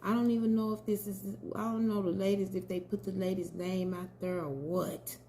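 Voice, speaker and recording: A woman's voice: mid-range voice, flat delivery, moderate pace, mellow, a little hiss or hum. A woman giving casual commentary and a tarot reading, chatty and talking straight to her viewers. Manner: chatty, addresses viewers as y'all. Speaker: tarot reader.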